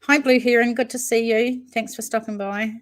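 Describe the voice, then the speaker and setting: A woman hosting a casual true-crime livestream, reading viewer comments aloud and answering chatters by name, thinking aloud with frequent pauses and restarts. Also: on the high side, fairly even intonation.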